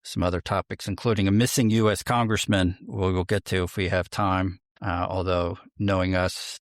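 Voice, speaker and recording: An American man co-hosts a podcast with a lowish voice, talking in a chatty, upbeat way and laughing easily. The sound is dry and close, with no room around it. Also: level tone, normal speed, few pauses, dry recording. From United States. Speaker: podcast co-host. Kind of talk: casual podcast chat.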